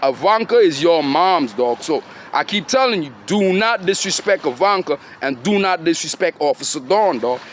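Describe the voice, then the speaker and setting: High-voiced middle-aged man preaching in slang. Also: lively intonation, moderate pace, hardly any pauses, slight background noise. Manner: preachy, repeatedly calling listeners "dog", with slangy questions. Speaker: father addressing his children and followers. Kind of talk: rambling streetwise monologue.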